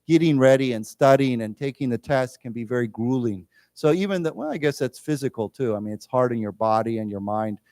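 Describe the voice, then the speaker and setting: A man teaching an English vocabulary lesson in a library lecture room. He explains each word slowly and leads the class in repeating it. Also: medium pitch, lively intonation, a little mellow, no room sound, studio quality.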